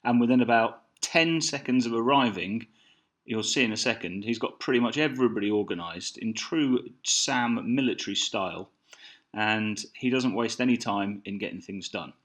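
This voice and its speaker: A man's voice: fairly low pitch, moderate pace. A man with a Birmingham accent, chatting casually through a film audio commentary. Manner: easygoing, chatty, a few restarts. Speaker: documentary commentary co-host.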